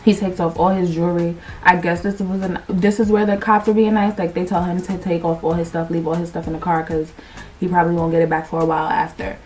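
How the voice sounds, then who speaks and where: A woman's voice: fairly low pitch, fast, far from the mic, faint music behind. Young woman doing a storytime vlog, slangy, swears a lot, acts out everybody. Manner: animated, slangy, swears freely, acts out quotes. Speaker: vlogger. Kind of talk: casual storytime.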